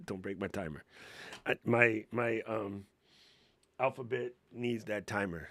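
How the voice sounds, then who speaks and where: A man hosting a casual live Q&A, talking in a slangy, excitable way and laughing often. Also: fairly low pitch, measured pace. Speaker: livestream host.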